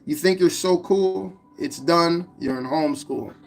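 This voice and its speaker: A man's voice: a little high, a little slow, creaky, a little mellow, a little hiss or hum. A man voicing a stern German mother. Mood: scolding. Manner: firm, scolding. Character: stern German immigrant mother scolding her son.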